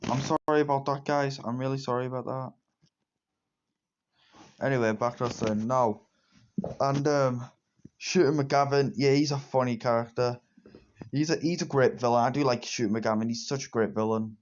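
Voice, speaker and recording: A man's voice: mid-range voice, fairly even intonation, normal speed, pauses often, a little hiss or hum. A teenage boy, reviewing a movie in rambling, repetitive fan talk. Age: teens. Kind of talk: casual solo movie review. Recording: dull lo-fi home recording.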